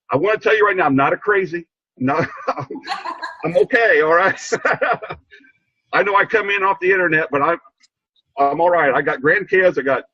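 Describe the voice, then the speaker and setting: An older man sharing a heartfelt story on a video call, earnest and halting, repeating himself as he gets choked up. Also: on the high side, husky, no echo, highs cut off. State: emotional, choked up. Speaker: program participant sharing a story. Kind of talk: heartfelt rambling testimony.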